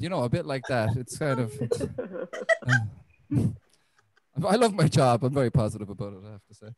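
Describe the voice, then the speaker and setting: A young Irish man doing a stand-up comedy set on a club stage, deadpan and self-deprecating, with frequent swearing. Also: medium pitch, moderate pace, long pauses, no echo, poor audio. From Ireland.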